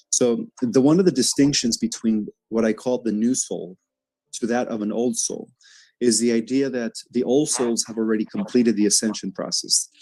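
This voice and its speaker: A man giving a calm, measured spiritual explanation in an interview, with many fillers. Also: fairly low pitch, rough recording. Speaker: spiritual speaker in an interview clip.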